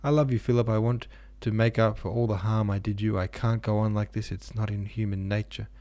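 A man voicing a young woman who pleads, wheedles and turns furious, in a gravelly reading voice. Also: fairly low pitch, fairly even intonation, a little fast, mellow, lightly acted. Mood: pleading. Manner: wheedling, then spiteful.

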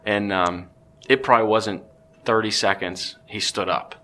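A man, a podcast guest, telling a story in a casual, excitable way with many restarts. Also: on the low side, a little slow.

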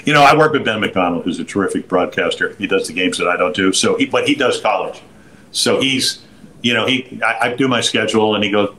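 An older man, a former pitcher and broadcaster, telling long anecdotes with restarts and quoted voices in an interview. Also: normal speed, sharp tone, rough recording. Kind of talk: storytelling interview.

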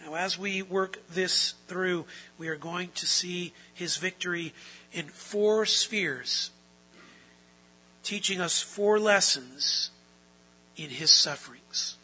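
A man's voice: high-pitched, slow, sharp tone, husky, rough recording. A man preaching a sermon as pastor, emphatic and repeating key phrases for stress.

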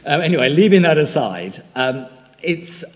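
A man's voice: on the high side, big pitch swings, normal speed, in a large hall. An older male priest with an English accent, born in Australia, giving a conversational, self-deprecating homily with frequent fillers.

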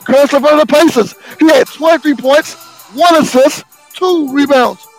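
A man, the show's sports segment host, reading basketball scores and stats in a slow, sing-song way with sudden shouted bursts. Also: very high voice, soft background music, poor audio.

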